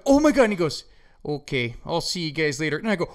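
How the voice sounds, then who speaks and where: Animated, high-voiced man telling stories. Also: a little fast. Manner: animated storyteller, swears a lot, acts out quotes loudly. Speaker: podcast host. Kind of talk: casual podcast chat.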